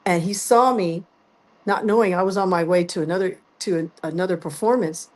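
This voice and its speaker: A woman's voice: on the low side, brisk, darkish tone. A woman guest telling her story in a casual interview, acting out both sides of the conversations. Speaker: guest singer.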